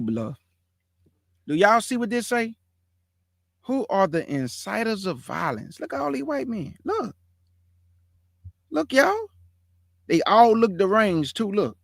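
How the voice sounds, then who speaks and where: A man's voice: fairly high pitch, no echo, clean studio sound. A man hosting his own online show, commenting live to his viewers in an emphatic, repetitive way and stretching out words for effect.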